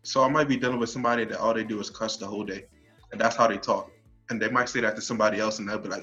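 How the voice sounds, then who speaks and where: A man's voice: on the low side, steady tone, rapid-fire, pushed and bright, lo-fi sound, faint music behind. A man in casual podcast chat, talking bluntly and emphatically. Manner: brash, emphatic, blunt opinions.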